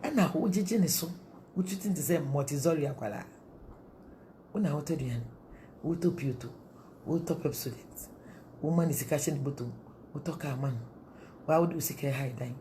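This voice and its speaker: A woman's voice: low-pitched, normal speed, long pauses, dark tone, slight background noise. A middle-aged woman with a Ghanaian accent, preaching marriage counsel in a sermon, mixing Twi and English and asking rhetorical questions.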